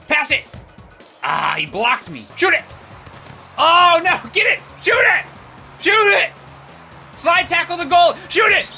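A male streamer narrating his gameplay in loud, jokey bursts, often yelling at the screen. His voice sits high and bright, swinging widely in pitch, with faint game music behind him. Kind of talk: excitable gameplay commentary.

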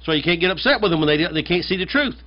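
A man's voice: high-pitched, lively intonation, very fast. A man from the United States, a pastor, preaching a conversational and emphatic sermon, often repeating his phrases. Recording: dull lo-fi sermon recording.

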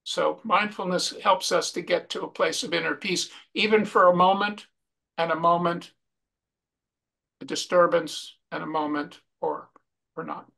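Bright-voiced man teaching mindfulness. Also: sits high, fairly even intonation, creaky. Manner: slow, repetitive, reflective delivery. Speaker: wellness workshop presenter.

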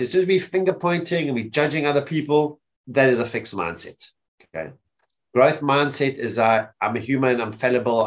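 Man presenting a webinar. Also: medium pitch. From South Africa. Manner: repeats "okay?" often to check in with listeners. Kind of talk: informal talk on mental health. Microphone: webinar microphone.

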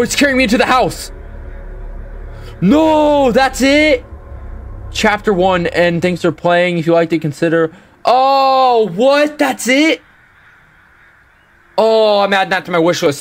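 A young man playing a horror game and reacting out loud, swearing a lot and breaking into panicky yells. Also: high voice, normal speed, soft background music. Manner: upbeat sign-off asking for support. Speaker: gaming YouTuber. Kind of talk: horror game let's play commentary.

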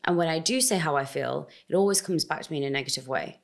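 A young woman talking in a casual interview, expressive and animated as she speaks her mind. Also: sits low, fast talker, gravelly. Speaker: podcast host, guest.

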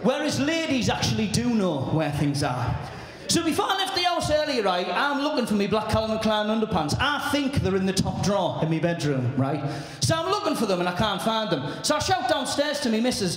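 A brash comedian warms up a crowd, swearing freely and shouting his punchlines. His voice runs high and lively. The sound booms around a very echoey venue. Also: a little fast, few pauses. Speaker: warm-up comedian. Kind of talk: stand-up comedy.

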